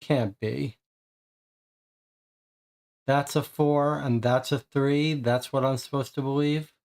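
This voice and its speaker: A man's voice: mid-range voice, fairly even intonation, slow, a little mellow. A man streaming a puzzle game, thinking aloud and muttering in frustration as he works through it.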